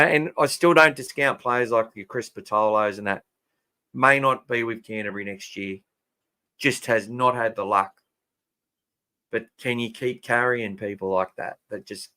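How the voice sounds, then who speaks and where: A man's voice: medium pitch, bright, forceful tone. An Australian man hosting a casual fan podcast, chatting and answering listener comments. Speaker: podcast host.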